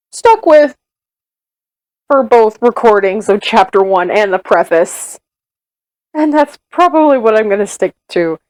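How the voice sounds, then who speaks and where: A woman from the US Midwest breaks off her reading to chat with her listeners in a self-mocking, rambling way. Her voice is fairly high and exasperated, close to the mic in a dry, deadened space. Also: a little mellow, dry recording, rough recording. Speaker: audiobook reader. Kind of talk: casual aside to listeners.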